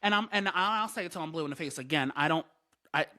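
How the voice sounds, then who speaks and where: A man's voice: on the high side, fast talker, pushed and bright. A man hosting a casual podcast chat, talking emphatically and repeating his points for stress. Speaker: podcast host.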